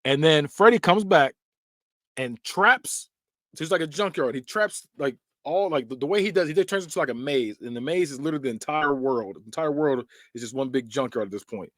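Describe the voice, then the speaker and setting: A man's voice: fairly high pitch, lively intonation, brisk, a bit bright, no echo, studio quality. A man hosting a podcast, casually recapping and ranking film scenes in loose, slangy storytelling. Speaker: podcast host.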